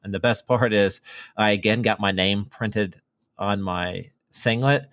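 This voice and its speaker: A man's voice: fairly low pitch, no room sound, clean studio sound. A man chatting casually as a podcast guest, telling a running story with lots of fillers and restarts. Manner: enthusiastic storytelling with many fillers. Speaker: podcast guest, marathon runner. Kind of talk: casual chat.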